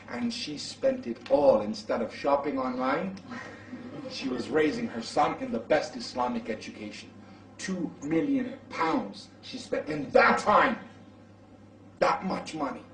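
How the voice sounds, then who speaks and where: Animated preacher man telling a story. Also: medium pitch, distant mic. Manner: animated storyteller acting out dialogue. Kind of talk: storytelling sermon. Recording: roomy echo from off-mic.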